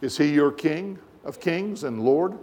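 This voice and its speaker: A man's voice: a little high, expressive, unhurried, darkish tone, big-room sound. A man preaching a sermon as pastor, emphatic and full of rhetorical questions. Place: church sanctuary.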